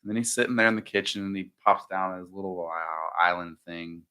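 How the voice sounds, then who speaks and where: A man's voice: deep voice, bright, forceful tone, clear, resonant tone. A man co-hosting a podcast, chatting casually and jokingly while recapping a movie. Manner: joking, chiming in with quick agreements. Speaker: podcast co-host.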